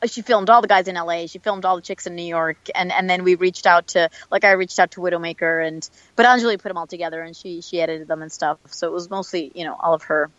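A woman's voice: on the low side, fairly even intonation, quick pace, hardly any pauses, a bit bright, no echo, highs cut off. Chatty woman with a dry close voice. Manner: chatty, many fillers and restarts. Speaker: voice actor guest. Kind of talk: casual interview chat.

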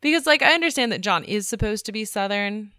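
A woman's voice: mid-range voice, animated, fast, sharp tone, dry recording, clean studio sound. A woman co-hosting a podcast, chatty and hedging, with many fillers and restarts. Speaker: podcast co-host. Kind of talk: casual chat.

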